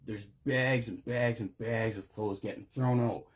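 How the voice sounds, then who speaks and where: A man's voice: fairly low pitch, fairly even intonation, unhurried. A man in an unscripted recovery monologue, talking in a raw, profane, rambling way with many restarts, emotional and close to tears. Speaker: recovery video host.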